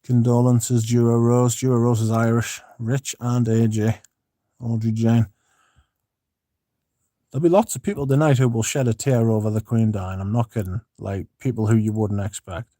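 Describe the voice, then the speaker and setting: A man's voice: medium pitch, steady tone, normal speed, dark tone, no echo, studio quality. A man hosting a casual livestream, reading out viewer comments and chatting in a rambling, laid-back way with the odd swear. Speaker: livestream host.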